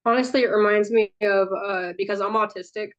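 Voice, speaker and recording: A woman's voice: medium pitch, fairly even intonation, brisk. A woman speaking up as a student in a class discussion, talking candidly and conversationally about her own experience. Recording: dull lo-fi sound.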